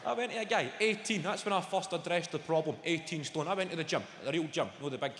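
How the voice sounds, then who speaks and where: Brash Scottish comedian, high bright voice. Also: male voice, quick pace, few pauses, noisy background. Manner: brash, sweary, animated storytelling. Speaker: stand-up comedian. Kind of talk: stand-up routine. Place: large theatre stage. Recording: echoey live hall with audience.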